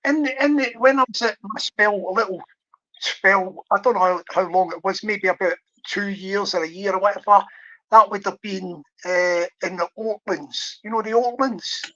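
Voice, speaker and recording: Bright-voiced man, hesitant livestream host. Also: sits high, moderate pace. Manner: hesitant, rambling, full of restarts. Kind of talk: casual livestream chat. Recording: dry lo-fi stream audio.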